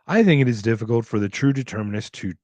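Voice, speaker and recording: A man hosts a casual livestream podcast and answers chat questions in a loose, joking ramble full of restarts. He talks at a middle pitch into a close microphone. The sound is dry and close. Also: animated, fast talker, darkish tone, no echo. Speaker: podcast host.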